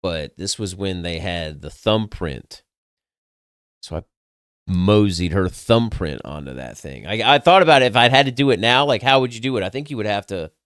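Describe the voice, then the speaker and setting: A man's voice: fairly low pitch, a bit bright, smooth, no room sound, studio quality. A young adult man, casually telling a personal story in a candid, crude, self-mocking way, swearing freely. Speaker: podcast host.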